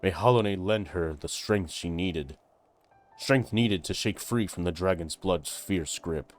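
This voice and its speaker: A man's voice: low-pitched, a little slow, soft background music. A man voicing a formal noble knight-commander in a game, speaking in stately, old-fashioned phrasing. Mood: solemn. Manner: stately, archaic speech.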